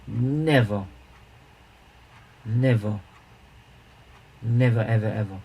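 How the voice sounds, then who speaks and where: A man hosting a casual charity livestream, rambling and repeating himself, with bursts of excited emphasis. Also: fairly low pitch, slow pace, creaky, a little hiss or hum, rough recording.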